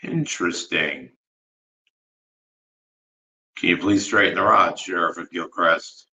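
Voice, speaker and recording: A man running a ghost-hunting session with dowsing rods, making slow, polite requests with long pauses and turning soft-spoken when emotional. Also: deep voice, vocal fry, low-quality recording. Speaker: ghost hunter. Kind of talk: dowsing-rod spirit session.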